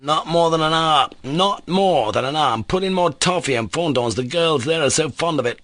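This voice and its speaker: A man reading an audiobook, voicing an excitable, reckless young nobleman who talks in a feverish, rambling way. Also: medium pitch, normal speed, no room sound, close to an everyday voice. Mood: insistent.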